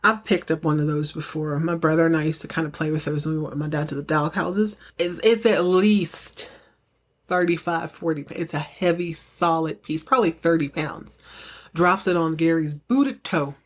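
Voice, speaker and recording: Chatty woman recapping a soap, lowish voice. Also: a little fast. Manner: chatty, playful, acts out characters' lines in higher voices. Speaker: podcast host recapping a TV soap. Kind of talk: casual solo recap, acting out quotes.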